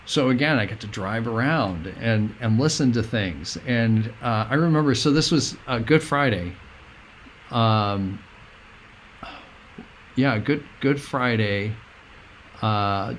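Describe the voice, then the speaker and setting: A man's voice: fairly low pitch, slight background noise. Earnest middle-aged man telling his story. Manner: earnest, meandering, halting. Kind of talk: personal storytelling.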